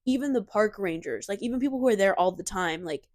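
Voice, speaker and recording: A young woman co-hosting a podcast in casual chat, talking in an animated, emphatic way with lots of fillers on a cheap desk mic. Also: medium pitch, fast, dry recording, studio quality. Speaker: podcast co-host.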